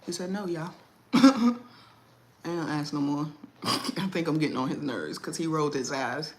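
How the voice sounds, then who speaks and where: Lively woman chatting on a livestream. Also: deep voice, a little slow, slight background noise. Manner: animated, laughs often, slangy. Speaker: livestream host. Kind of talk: casual livestream chat.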